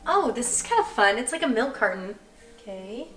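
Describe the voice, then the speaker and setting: A woman's voice: fairly high pitch, big pitch swings, moderate pace, sharp tone, soft background music. A young woman chatting casually and self-deprecatingly while she bakes in her kitchen, rambling as she goes. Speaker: vlogger. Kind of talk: casual baking vlog chat. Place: home kitchen. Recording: roomy kitchen, mic at a distance.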